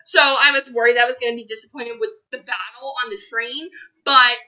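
A woman's voice: fairly high pitch, fairly even intonation, brisk, bright, forceful tone, low-quality recording. A young woman reviewing a film in a casual monologue, gushing and repeating herself as she gets emotional. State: choked up, near tears.

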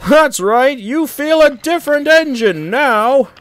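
A man voicing a teasing male engine from a storybook who calls out in a loud, mocking way. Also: very high voice, lively intonation, slow, dry recording, pitched above the performer's own voice, full character voice.

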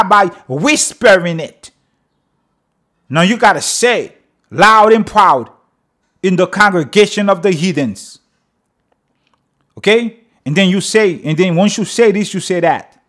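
A man with a notably high voice delivers a sermon. He reads prayer lines aloud and pauses to explain them in an emphatic teaching manner. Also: fairly bright tone. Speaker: religious teacher.

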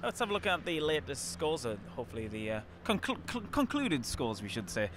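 Relaxed guy presenting a footy show, reading scores and fan questions, faint traffic outside. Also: fairly high pitch, brisk. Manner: easygoing, reads results and fan questions. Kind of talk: post-match show hosting. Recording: faint outdoor traffic noise.

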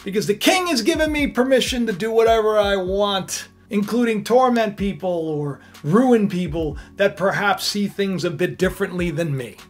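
Brief: male storyteller playing a boastful, husky-voiced court official, raised and bragging. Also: high-pitched, normal speed, hardly any pauses. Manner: gloating, excited bragging. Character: boastful, power-hungry male royal official.

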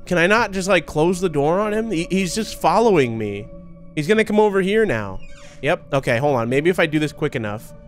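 Young man, horror game commentary, high voice, swinging pitch, excitable, faint music behind. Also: a little fast. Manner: excitable, laughing, talks to himself and the viewers. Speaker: gaming YouTuber.

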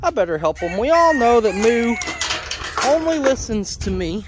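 A man's voice: very high voice, big pitch swings, moderate pace, background noise. A man hosting a casual farm vlog, upbeat and joking, who repeats words for emphasis. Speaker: homestead vlogger.

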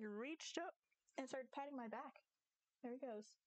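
A young woman chatting casually on a live game stream, giggly and animated, talking to her viewers and her cat. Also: sits high, measured pace, poor audio. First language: English. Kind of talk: casual live-stream chat while gaming.

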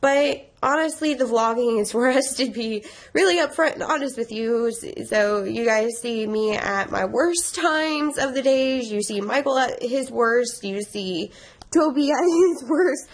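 A woman's voice: fairly high pitch, measured pace. A young woman vlogging casually, rambling and emotional, tearful and stressed while laughing through it. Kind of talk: casual confessional vlog.

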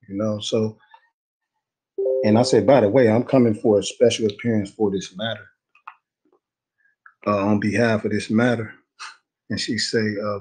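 A man's voice: lowish voice, flat delivery, moderate pace, long pauses, darkish tone, husky, low-quality recording. A young man telling a story in a casual interview, slangy and rambling, laughing easily. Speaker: guest telling his story.

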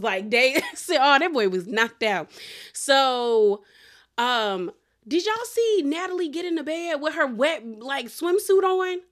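A young woman casually recapping a reality show episode, chatty and animated, full of "like" and "girl". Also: fairly high pitch.

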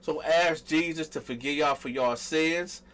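A man hosting a casual live stream, shouting out viewers by name in a loose, chatty way. His voice sits a bit higher than most men's. He stumbles and restarts over names as he talks. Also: measured pace. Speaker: livestream host.

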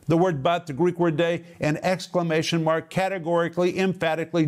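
A man's voice: on the high side, fairly even intonation. Emphatic male Bible teacher, repeating for stress. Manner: emphatic, repeats phrases for stress, slows on key words.

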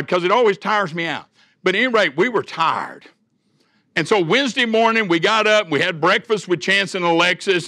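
A man's voice: fairly high pitch, sharp tone, no room sound, studio quality. An older man, preaching a sermon as a church elder, with folksy storytelling and homespun humor.

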